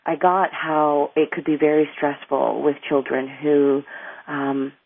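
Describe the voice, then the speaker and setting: A woman's voice: low-pitched, little pitch movement, measured pace, slight background noise. A middle-aged woman, an anger management coach, explains her ideas earnestly as an interview guest, rambling a little and restarting sentences. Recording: tinny phone line, dry.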